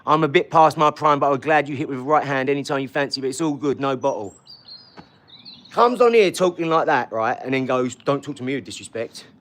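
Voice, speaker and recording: A man's voice: mid-range voice, fairly quick. Brash, combative man in his forties. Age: 40s. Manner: combative, loud and mocking; swaggering street slang. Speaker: livestream host. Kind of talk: ranting live stream chat. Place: garage.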